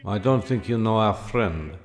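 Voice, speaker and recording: Low-ish guy narrating a tabletop game, slow and deliberate, long reverb and soft music behind. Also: animated.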